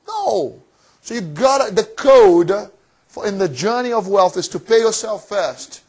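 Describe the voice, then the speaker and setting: A man giving a motivational finance seminar to a live audience in a room, energetic and cheeky, firing off rhetorical questions. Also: sits high, unhurried, husky. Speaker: seminar presenter.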